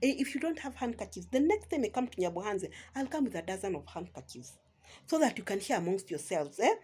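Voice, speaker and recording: Scolding Kenyan woman with a husky voice. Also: medium pitch, sing-song, fast talker, darkish tone. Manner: scolding, sarcastic, keeps asking "eh?". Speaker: vlogger. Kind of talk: ranting commentary.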